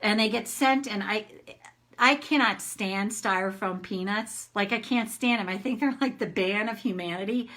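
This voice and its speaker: A woman's voice: mid-range voice, normal speed, fairly bright tone. A middle-aged woman coach talking frankly to viewers in a casual live session, swearing freely and acting out her own rants.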